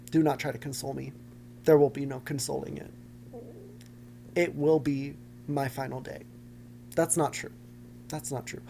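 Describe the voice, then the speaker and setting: Gravelly young man, campy solo podcast. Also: fairly high pitch, mellow, a little hiss or hum. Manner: dramatic, campy, self-mocking. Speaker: podcast host. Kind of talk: casual solo podcast chat. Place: home basement.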